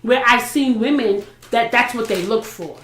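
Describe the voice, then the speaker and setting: A young woman co-hosting a casual chat, agreeing often and musing on the topic at some length. Her voice sits a little high. The recording is roomy. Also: normal speed, slight background noise. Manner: affirming, frequent agreement, reflective. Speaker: podcast co-host.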